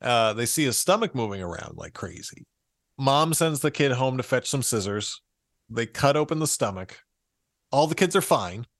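A man's voice: mid-range voice, no echo, studio quality. A man co-hosting a podcast, casually retelling a fairy tale and laughing often as he reads. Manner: amused, laughs often while reading. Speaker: podcast co-host.

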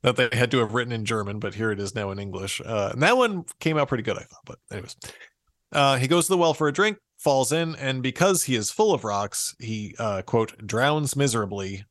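Recorded dry with clean studio sound, this man's voice is medium-pitched, animated, somewhat bright, and a bit fast. Co-hosting a podcast, he casually retells a fairy tale, amused and often laughing while he reads.

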